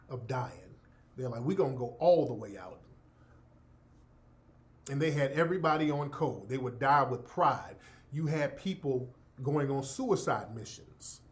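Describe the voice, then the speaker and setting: A man giving an emphatic, profane, preacher-like monologue as a commentator. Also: mid-range voice. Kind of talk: impassioned monologue.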